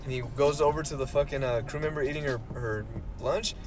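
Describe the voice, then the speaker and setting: A man's voice: a little high, fairly even intonation, fairly quick. A young man co-hosting a podcast, telling a long rambling story in casual chat, full of fillers and swearing. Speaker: podcast co-host.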